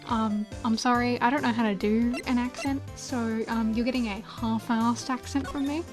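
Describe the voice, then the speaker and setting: A woman's voice: a little high, fairly even intonation, moderate pace, music in the background. A woman streaming a game, reading it aloud and making casual, self-deprecating asides.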